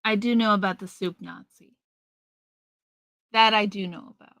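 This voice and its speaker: A woman's voice: medium pitch, fairly even intonation, vocal fry, fairly bright tone, no echo. A middle-aged woman hosting a live stream, chatting casually and rambling as she answers viewers. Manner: chatty, slow, rambling with restarts.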